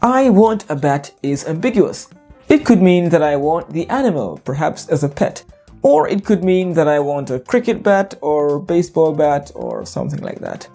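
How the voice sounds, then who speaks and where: Lively, mellow-voiced English teacher narrating. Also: mid-range voice, normal speed, creaky, soft background music. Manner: playful, explains with jokes and wordplay. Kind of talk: educational narration.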